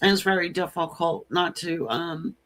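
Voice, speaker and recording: A woman does a live-streamed tarot reading over a computer mic, chatty and frank, often laughing between points. Her voice is fairly low and a bit bright, at a moderate pace.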